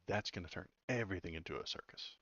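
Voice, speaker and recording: A man's voice: deep voice, fast talker, a bit bright, dry recording, highs cut off. A man hosting casual political commentary, blunt and sarcastic, sometimes stumbling over words.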